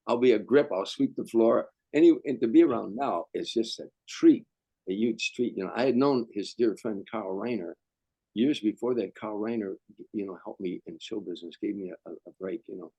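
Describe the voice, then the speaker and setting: A man's voice: fairly low pitch, a little fast, creaky, warm tone, breathy edge, dry recording, rough recording. An older male comedian telling anecdotes as a guest, rambling and restarting sentences. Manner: rambling, repeats words, restarts. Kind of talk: anecdotal storytelling.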